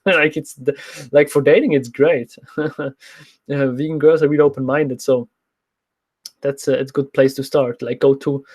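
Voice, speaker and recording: A man's voice: mid-range voice, steady tone, moderate pace, long pauses, a little mellow. A man from Switzerland with a Swiss accent, a fitness coach answering viewer questions in a candid, rambling livestream chat full of restarts.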